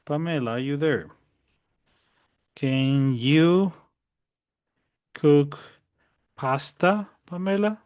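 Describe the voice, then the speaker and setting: A man's voice: fairly high pitch, extremely slow, pauses often, a little mellow, clean tone, no echo, clean studio sound. A man teaching a language class online. He repeats each point patiently and keeps checking that his students understand.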